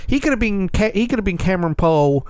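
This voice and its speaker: A fairly high-voiced man hosts a relaxed podcast, rambling through his points and often stumbling and repeating words. His voice sits close and dry, with no room sound around it. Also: quick pace, clear, resonant tone, no echo. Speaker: podcast host. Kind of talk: casual podcast chat.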